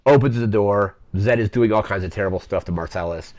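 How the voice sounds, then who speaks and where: A man's voice: lowish voice, a little fast, a little mellow, no echo. A young man casually recapping a film plot as a podcast host, rambling with many fillers.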